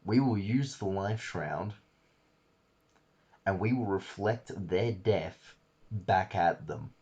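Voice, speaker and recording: A man's voice: deep voice, slow, darkish tone, husky, highs cut off, exaggerated voice. Man doing a defiant, grandiose time traveller. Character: defiant male time traveller turned megalomaniac.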